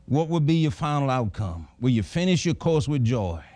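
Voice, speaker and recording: A man's voice: medium pitch, sing-song, normal speed, mellow, no echo. A middle-aged man preaching a sermon, folksy and emphatic, chuckling as he tells personal stories.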